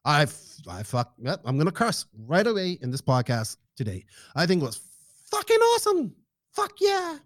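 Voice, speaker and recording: A man hosting a casual podcast, joking, excitable and swearing freely while he thanks sponsors and chats with a guest over a remote call. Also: mid-range voice, fairly quick, hardly any pauses, dry recording, clean studio sound. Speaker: podcast host. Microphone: podcast microphone, remote call.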